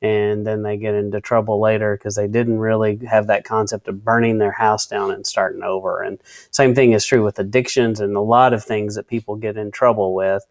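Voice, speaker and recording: A man's voice: fairly low pitch, flat delivery, fairly quick, no room sound. A man co-hosting a casual Bible-study discussion, often restarting his sentences and reading out word definitions. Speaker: co-host of a faith discussion.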